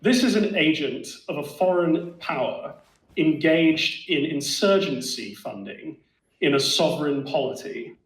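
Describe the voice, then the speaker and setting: A man playing a tall, stern male arbiter who speaks in formal, measured pronouncements. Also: fairly high pitch, lively intonation. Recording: roomy echo.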